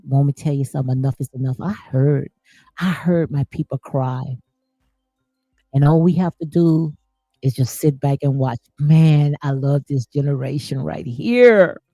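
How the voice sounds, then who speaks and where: A woman's voice: low voice, measured pace, warm tone, dry recording, soft background music. A woman giving impassioned spiritual commentary, preachy and emphatic, repeating phrases for emphasis. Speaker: commentary host.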